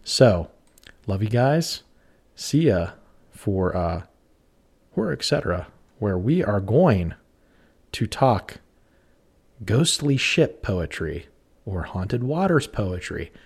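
A playful podcast host, a man, chats casually and giggles easily. His voice is lowish but swings widely and lively in pitch. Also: takes it slowly, creaky, long pauses, husky. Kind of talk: casual chat.

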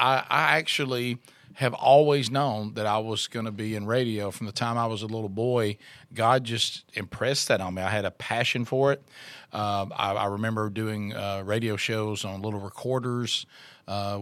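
A man's voice: on the low side, a bit bright, no echo. A middle-aged man, a radio co-host telling his story in an interview, rambling with restarts and fillers.

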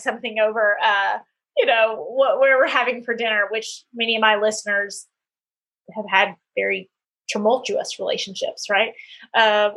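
Husky-voiced chatty woman host. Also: mid-range voice, a bit bright. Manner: chatty, tells anecdotes with many fillers. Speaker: podcast host. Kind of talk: casual conversational interview.

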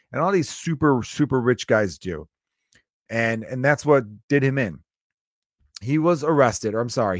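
A man's voice: medium pitch, dry recording, studio quality. A man in his thirties hosting a comedy podcast, riffing in a profane, joking monologue. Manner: profane, riffing, mock impressions.

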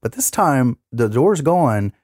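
A man's voice: mid-range voice, takes it slowly, dry recording, clean studio sound. A man hosting a casual podcast, recapping a movie scene by scene with lots of swearing and acted-out quotes. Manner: profane, animated retelling with acted-out quotes. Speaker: podcast host.

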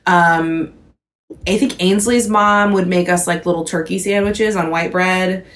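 A woman's voice: on the low side, fairly even intonation, measured pace, fairly bright tone. A woman in her twenties from Houston, co-hosting a podcast in casual chat, rambling with lots of "like" and frequent swearing. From Houston, Texas. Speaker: podcast co-host.

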